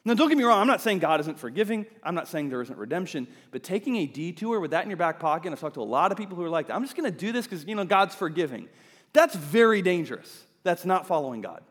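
A man preaches a sermon, dropping to soft asides and then rising to loud, emphatic points. His voice sits a touch high for a man. It carries a long reverb in a church hall. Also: very animated, fast talker, hardly any pauses. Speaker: pastor. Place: church sanctuary.

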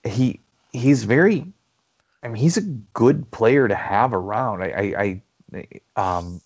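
A man co-hosting a casual soccer podcast, talking in a halting way with many restarts and fillers. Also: medium pitch, lively intonation. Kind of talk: casual sports chat. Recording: dull lo-fi audio.

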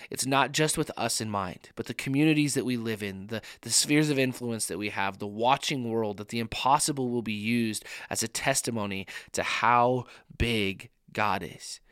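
A man's voice: mid-range voice, fairly bright tone, clear, resonant tone, no echo, clean studio sound. A man preaching an earnest podcast sermon to young adults, repeating rhetorical questions for emphasis. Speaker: young adult ministry speaker.

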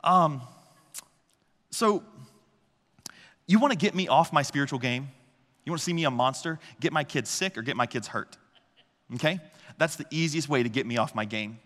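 A man with a bright, slightly high voice gives a conversational sermon from the pulpit. He tells lively stories and keeps asking the room "right?" The sound rings with the long reverb of a large hall. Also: normal speed, long pauses. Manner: animated storytelling with frequent "okay?" and "right?" check-ins. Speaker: pastor.

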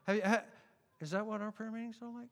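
A man preaching a sermon, emphatic and challenging the congregation, swinging from loud declarations to quiet asides. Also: high-pitched, steady tone, fast, vocal fry, in a large hall. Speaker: pastor.

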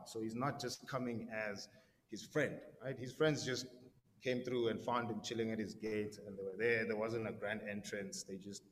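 A young man preaching in a relaxed, conversational way, often restarting his thoughts and checking in with the room. His voice rings out with a long echo in a big hall, with faint noise behind him. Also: fairly low pitch. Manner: conversational, frequent restarts, keeps checking in with listeners. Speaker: pastor teaching a Bible study. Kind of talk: casual sermon. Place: large hall in front of a live group.

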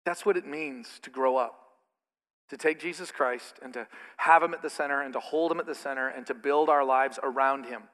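A middle-aged man preaching a sermon as pastor, animated, slipping into mocking asides. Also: medium pitch, moderate pace. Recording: reverberant hall.

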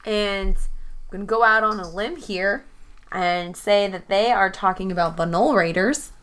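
A woman plays her character in a tabletop role-playing game. She talks in an animated, joking way, full of quick asides. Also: medium pitch. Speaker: player.

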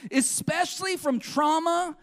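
High-voiced earnest male preacher. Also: measured pace. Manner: earnest, asks the congregation questions. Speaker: pastor. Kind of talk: sermon.

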